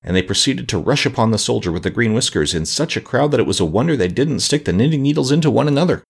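A man's voice: medium pitch, animated, quick pace, gravelly, breathy edge. A man narrating a storybook aloud, reading expressively and doing the characters' voices.

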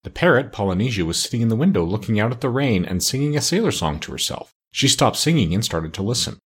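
Husky man reading a storybook. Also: on the low side, very animated, quick pace, few pauses. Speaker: audiobook reader. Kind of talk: storybook narration.

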